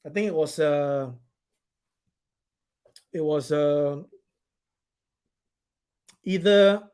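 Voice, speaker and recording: A man's voice: a little high, very slow, a little mellow, smooth. Blunt, irritated man on a live stream. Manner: irritated, blunt, swears, rambling. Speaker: company owner hosting a live stream. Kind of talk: casual live stream, reading viewer comments.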